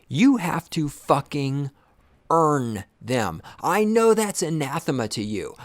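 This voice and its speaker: A man hosting a podcast, delivering an angry, scornful, profane rant. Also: medium pitch. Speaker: podcast host. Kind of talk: profane ranting monologue.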